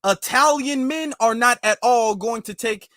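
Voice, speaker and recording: A man's voice: extremely high pitch, a little slow, pushed and bright, dry recording, studio quality. A man hosting a commentary video, reacting to clips with emphatic rhetorical questions and a rambling delivery full of fillers. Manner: rambling, with many fillers and restarts. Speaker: commentary host.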